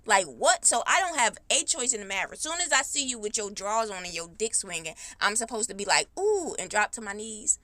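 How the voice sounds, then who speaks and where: A woman's voice: mid-range voice, brisk, hardly any pauses, pushed and bright, no room sound. A woman telling her own story on a podcast in a blunt, heated, profane way, rising to indignant outbursts. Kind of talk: casual storytelling.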